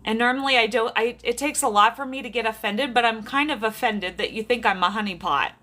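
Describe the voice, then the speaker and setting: A chatty woman from South Dakota hosts a casual livestream from her bedroom. Her voice sits a little high and sounds bright and forward. She laughs often and talks straight to her viewers, picked up by a camera on a tripod. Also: a little fast. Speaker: livestream host, medium. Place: bedroom at home. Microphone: phone or camera on a tripod.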